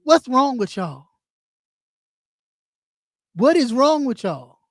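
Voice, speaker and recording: Woman, streamer, high voice, blunt mocking rant, constant swearing, dry close sound. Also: sing-song, takes it slowly, no room sound. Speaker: YouTube streamer. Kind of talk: profane rant on camera.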